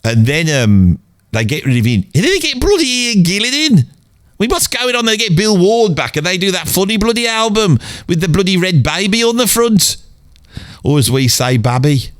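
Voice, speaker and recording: Bloke putting on a moaning brummie rock fan, rambles on, says bloody a lot, kinda high voice, dead dry sound. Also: male voice, very animated, normal speed, dry recording. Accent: Birmingham. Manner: rambling rant peppered with "bloody". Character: grumbling middle-aged Birmingham bloke, rock fan. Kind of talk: comedic character monologue.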